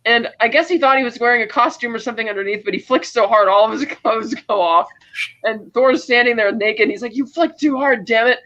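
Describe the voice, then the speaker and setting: A man with a high, bright voice, recapping a film's plot with lots of energy and quoted lines. He talks over a dull, lo-fi recording in a casual review chat. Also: quick pace. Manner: animated plot retelling, acting out lines. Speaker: podcast co-host.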